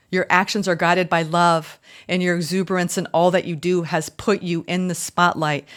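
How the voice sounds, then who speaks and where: A woman giving a spiritual tarot reading, effusive and choked up, calling her viewers y'all. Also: fairly low pitch. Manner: warm, effusive, emotional, addresses viewers as y'all. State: choked up, tearful. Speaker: tarot reader.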